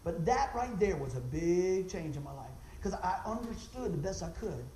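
Excitable man telling a testimony story. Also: moderate pace, reverberant, a little hiss or hum, low-quality recording. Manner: voice jumps high when excited, exclaims; folksy, repeats himself, restarts sentences. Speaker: ministry speaker giving testimony.

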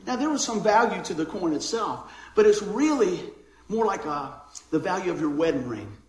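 High-voiced man preaching in an echoey hall. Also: big pitch swings, moderate pace, a little mellow. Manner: folksy, keeps asking the congregation "amen?" and "right?". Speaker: pastor. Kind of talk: conversational sermon. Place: church hall with a congregation.

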